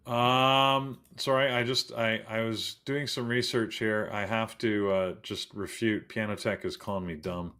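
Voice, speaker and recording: A man's voice: lowish voice, steady tone, measured pace, few pauses, sharp tone, smooth. A man co-hosting a live trading show, chatting casually about stocks, rambling with fillers and playful asides. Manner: rambling, self-deprecating, frequent fillers and asides. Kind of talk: live market commentary.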